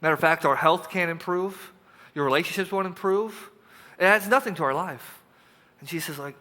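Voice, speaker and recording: A high, bright-voiced male pastor delivers a lively sermon, acting out dialogues and sinking into quiet, intense passages. His voice rings with a long reverb from the church hall. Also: fairly quick. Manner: animated, acts out dialogue, drops to hushed intensity. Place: church sanctuary.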